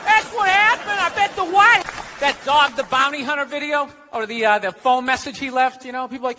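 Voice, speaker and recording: A sarcastic American stand-up comedian ranting and swearing into a stage mic. His voice sits very high for a man. The live club recording carries a laughing crowd and a steady noise. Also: fairly quick.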